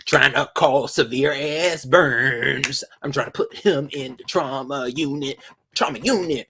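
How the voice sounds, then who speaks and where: A man talks straight to his viewers in a loose, sassy vlog rant. His delivery is dramatic, stretching words out for emphasis. His voice sits in an ordinary middle pitch. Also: slow pace, bright, forceful tone, slightly rough. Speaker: vlogger. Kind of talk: casual commentary to viewers.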